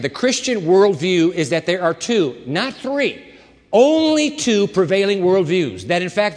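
A man preaching a sermon as a pastor, with an animated, dramatic delivery and shifting volume. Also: high-pitched. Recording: long hall reverb.

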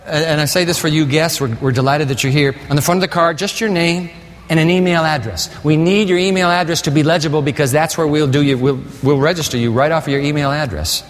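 A man preaching a sermon as pastor, energetic and exhorting, his voice climbing to excited peaks. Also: on the high side, quick pace. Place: large church sanctuary. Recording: long reverb of a large hall.

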